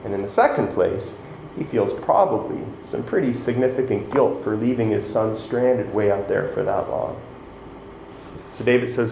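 A man's voice: on the low side, lively intonation, moderate pace, vocal fry, dark tone. Man, pastor, sermon, storytelling, acts out quotes, self-deprecating, echoey church room, faint background hum.

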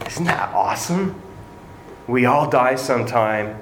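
A man preaching a sermon who retells a Bible story in animated fashion, acting out what the characters say. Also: medium pitch, unhurried. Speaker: pastor. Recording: roomy echo, faint ambient noise.

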